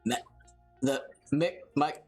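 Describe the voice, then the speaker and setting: A woman's voice: extremely low pitch, slow, a little mellow, husky, faint music behind. A woman hosting a let's play, chatting casually and reading game dialogue aloud in a giggly, self-mocking way.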